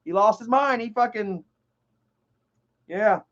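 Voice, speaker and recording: Man, high voice, heated profane ranting, rambling stream commentary, muffled lo-fi audio. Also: slow pace, fairly bright tone. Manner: heated, swears a lot, repeats himself. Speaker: livestreamer.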